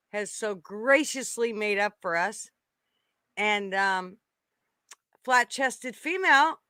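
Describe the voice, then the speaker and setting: A woman's voice: a little high, pushed and bright, clean tone, no echo. A woman co-hosting a casual podcast chat, telling stories with lots of laughter and teasing. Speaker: podcast co-host.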